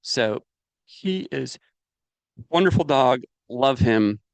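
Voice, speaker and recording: Man giving a lively motivational talk. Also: medium pitch, takes it slowly, vocal fry, no room sound. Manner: animated, asks "does that make sense" and "right" often; acts out inner voices and his dog. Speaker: speaker teaching a business course. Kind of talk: casual motivational teaching.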